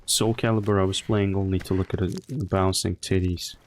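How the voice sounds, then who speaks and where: Crude rambling man, lowish voice. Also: level tone, a little fast, slight background noise. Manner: crude, profane, rambling anecdotes. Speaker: streamer. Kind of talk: casual live-stream chat.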